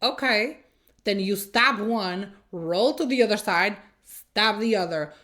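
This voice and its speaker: A woman's voice: medium pitch, takes it slowly, bright, forceful tone. Woman, reaction video host; blunt and exasperated, sarcastic running commentary.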